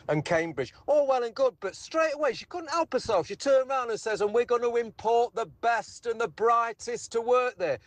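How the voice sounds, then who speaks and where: A man's voice: extremely high pitch, no room sound. A man sending an indignant, emphatic voice note to a radio show, ranting about his point.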